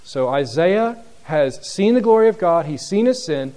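A man preaching a sermon, reading scripture and acting out the speakers, then growing soft and low at the end. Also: unhurried, few pauses. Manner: animated, acts out voices in quotes, drops soft and low near the end. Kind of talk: sermon, Bible teaching.

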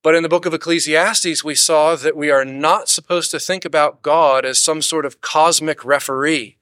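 A man leads a church Bible study in a fairly high, bright voice. He explains his points steadily, leans on rhetorical questions, and now and then acts out people's complaints. The sound is close and dry. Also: moderate pace, smooth, no room sound. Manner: acts out quoted complaints in animated bursts. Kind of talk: church teaching lesson.

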